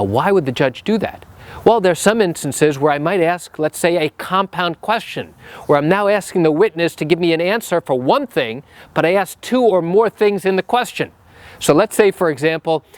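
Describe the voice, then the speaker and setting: A man with a fairly high voice explains courtroom practice straight to camera. He talks in a direct, lively way and acts out the trial exchanges himself. The sound is close and dry. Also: normal speed, no room sound. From New York. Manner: animated, acts out courtroom exchanges in his own voice.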